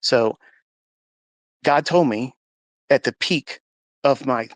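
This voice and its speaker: Speaking slowly in a mid-range voice, this man recounts his faith story with real emotion and emphasis, voicing the dialogue himself. It's a clean recording with no room sound, made at home on a phone during a live audio chat.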